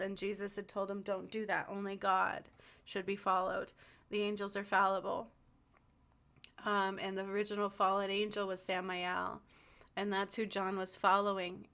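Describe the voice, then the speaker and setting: A woman speaks in a level, flat voice. She talks earnestly and insistently in a spiritual commentary vlog. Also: medium pitch. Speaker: spiritual vlogger.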